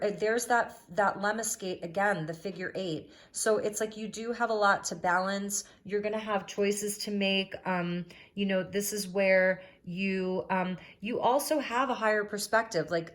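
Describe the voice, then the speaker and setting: A woman reads tarot for her viewers in a soft, affirming way, often pausing on "um". Her voice sits at a middle pitch for a woman, and she talks into a phone. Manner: gentle, affirming, many "um" fillers. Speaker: tarot reader. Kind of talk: spiritual tarot reading to camera. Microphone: recorded on a phone.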